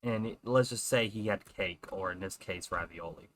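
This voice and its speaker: Bright-voiced young man telling a story. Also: low voice, slight background noise. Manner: animated, puts on quick character voices in quotes. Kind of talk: casual storytelling.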